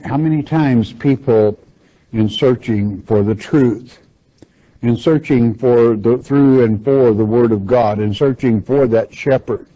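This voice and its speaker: A man's voice: mid-range voice, takes it slowly, mellow. A man teaching verse by verse through a Bible passage, reading scripture aloud and then explaining it plainly. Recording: dull lo-fi recording.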